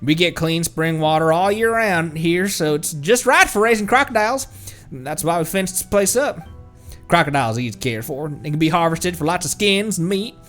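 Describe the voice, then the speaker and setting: A man's voice: a little high, expressive, normal speed, fairly bright tone, faint music behind. A man doing a swamp-drawling crocodile farmer. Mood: courtly. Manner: courtly, stammering put-on swamp drawl.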